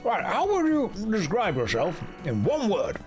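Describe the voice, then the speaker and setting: A man voicing an eccentric mad scientist doctor in a video game, slow and theatrical, with a high, swooping voice. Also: wildly swooping pitch, soft background music, exaggerated voice. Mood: sly questioning. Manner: slow, theatrical, villainous delivery.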